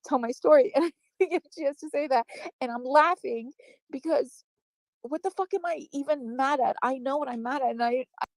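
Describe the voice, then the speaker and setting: A woman's voice: high voice, a little mellow, no echo, poor audio. Defensive rambling woman on a live panel. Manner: defensive, rambling, quick to apologize. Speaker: panel guest. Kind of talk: live-stream panel chat.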